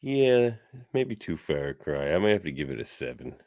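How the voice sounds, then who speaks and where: A man's voice: a bass voice, big pitch swings, normal speed, darkish tone, dry recording, clean studio sound. A man co-hosting a podcast, chatting in a laid-back way with offhand remarks. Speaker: podcast co-host. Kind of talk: casual chat.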